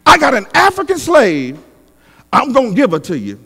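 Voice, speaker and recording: A man's voice: sits high, very animated, unhurried, big-room sound. A man preaching, voicing an older biblical woman who schemes and then blames her husband. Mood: scheming.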